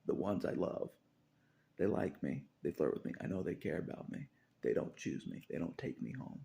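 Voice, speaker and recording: A man's voice: sits low, lively intonation, moderate pace, vocal fry, dark tone, slight background noise. A man talking in a rambling, confessional monologue, repeating phrases and chuckling between thoughts.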